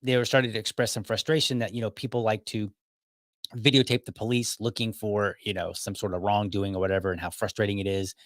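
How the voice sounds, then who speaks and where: A man's voice: fairly low pitch, level tone, fast, dry recording, studio quality. A man hosting a podcast, telling a personal story in a casual, argumentative and wry way. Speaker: podcast host.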